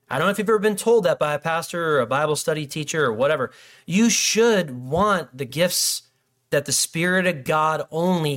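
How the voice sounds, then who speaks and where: The speaker is a middle-aged male pastor whose voice is a little high and fairly bright in tone. He gives a casual, conversational sermon, joking and playing out brief dialogues between people.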